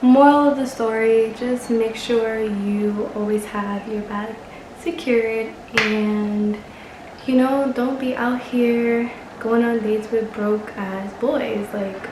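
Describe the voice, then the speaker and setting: A woman's voice: a little high, steady tone, takes it slowly, echoey room, background noise. A young woman vlogger telling a casual story, chatty and exasperated, swearing and laughing often.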